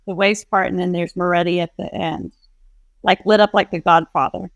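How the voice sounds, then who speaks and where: A woman's voice: on the low side, fairly even intonation, vocal fry, no room sound, dull audio. Wry woman co-hosting a movie podcast. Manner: wry, quick quips. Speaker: podcast co-host. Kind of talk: casual movie review chat.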